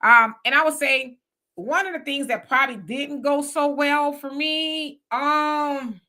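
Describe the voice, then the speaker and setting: Blunt, animated woman in her fifties. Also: sits high, measured pace. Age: 50s. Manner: blunt, animated, acts out quoted voices. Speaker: panel guest. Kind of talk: casual chat.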